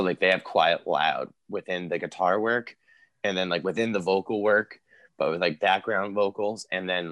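A man's voice: low voice, a bit bright, no room sound. A man in a casual music podcast chat, rambling and full of filler words as he talks about guitar playing.

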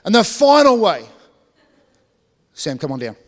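Very animated yet measured in pace, a pastor with a fairly high voice gives a conversational sermon, cracking asides to the congregation and restarting sentences often. The church hall adds a long reverb.

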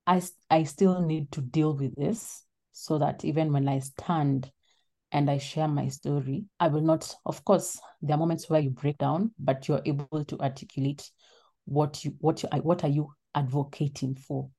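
Low, shaky-voiced woman in her thirties. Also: dark tone. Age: 30s. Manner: earnest, reflective, sometimes trailing off. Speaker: interview guest, lawyer and advocate. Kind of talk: personal testimony in an interview.

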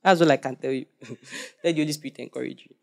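A young man preaching a sermon, animated and joking as he quizzes the congregation. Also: mid-range voice, fast talker, vocal fry.

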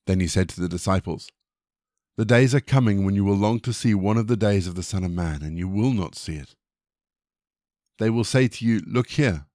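Low-voiced man reading scripture aloud. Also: darkish tone, no room sound, studio quality. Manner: measured, deliberate reading. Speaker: church scripture reader. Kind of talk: prayer and Bible reading.

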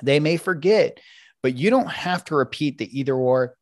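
Animated man explaining parenting tools. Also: on the high side, normal speed, no room sound. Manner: animated, acts out parents and kids in quoted voices. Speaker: parenting coach guest. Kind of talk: podcast interview explaining parenting techniques.

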